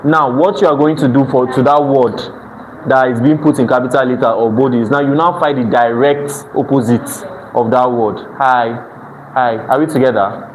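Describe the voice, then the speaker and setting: A man's voice: mid-range voice, steady tone, moderate pace, low-quality recording. Nigerian man tutoring a class. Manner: checks in often with students, restarts phrases. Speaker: exam prep tutor. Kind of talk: classroom lecture. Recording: faint background noise.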